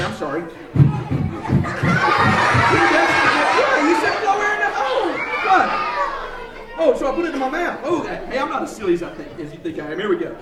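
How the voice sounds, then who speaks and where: A man performing as a children's entertainer at a live library show, playfully clowning and bantering with the kids. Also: extremely high pitch. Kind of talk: live kids' show patter. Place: large indoor room at a library event. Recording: echoey hall, distant mic, loud crowd noise. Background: noisy crowd of children.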